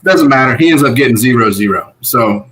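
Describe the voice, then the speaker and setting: A man's voice: mid-range voice, brisk, low-quality recording. A man co-hosting a casual online show, talking animatedly and laughing often. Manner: animated, laughs often, voices quoted contestants. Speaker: podcast co-host. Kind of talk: casual recap chat.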